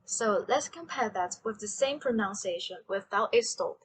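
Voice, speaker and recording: A woman teaching a language lesson, slowly and carefully demonstrating sounds and tones. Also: medium pitch, lively intonation, poor audio.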